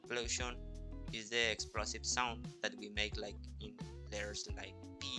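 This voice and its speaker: A man's voice: fairly low pitch, level tone, unhurried. A young man presenting a class project, reading plain explanatory notes as a voice-over. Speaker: student presenter. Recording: music bed under voice.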